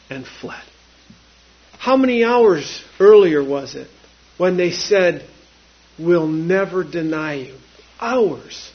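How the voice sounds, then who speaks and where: Slow, husky, high-pitched male preacher. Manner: slow, emphatic preaching with sweeping pitch and repeated phrases. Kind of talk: sermon. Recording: dull lo-fi recording.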